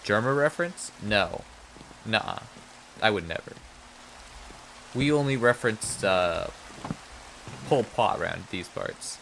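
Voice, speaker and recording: Man, streamer, bright voice, joking banter, mutters while playing, faint rain behind. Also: fairly low pitch, expressive, measured pace, gravelly, long pauses, a little hiss or hum, rough recording. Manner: joking, mock-outraged banter with chat. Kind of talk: casual live game stream talk.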